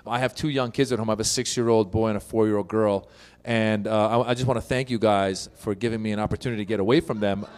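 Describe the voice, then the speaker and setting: A middle-aged man from Iran doing a stand-up set at a live show, animated and acting out other people's voices in his stories. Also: lowish voice, a little hiss or hum. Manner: animated, acts out voices of others, quick punchlines. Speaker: stand-up comedian. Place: live comedy show with audience.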